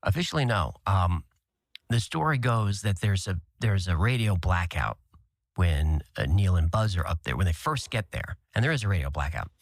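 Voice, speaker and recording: A man's voice: sits low, animated, normal speed, dry recording, studio quality. A man speaking as a guest in an interview clip, telling a story in a matter-of-fact way. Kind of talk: interview talk.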